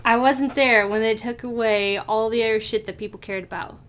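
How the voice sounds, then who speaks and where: A woman's voice: on the high side, steady tone, normal speed, fairly bright tone. A woman streaming a dating sim game, chatting casually, joking and swearing freely. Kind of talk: casual let's play chat.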